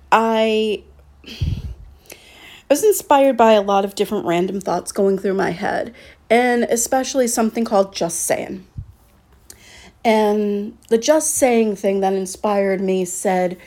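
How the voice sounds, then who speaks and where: Woman podcast host, solo casual monologue, mellow tone, blunt and profane, drifts between topics. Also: mid-range voice, slow pace, long pauses. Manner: candid and blunt, swears freely, drifts off on tangents.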